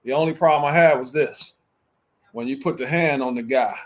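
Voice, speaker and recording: A man's voice: medium pitch, fairly quick. A man co-hosting a sports talk show, arguing football picks in an emphatic, conversational way. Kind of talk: casual sports debate.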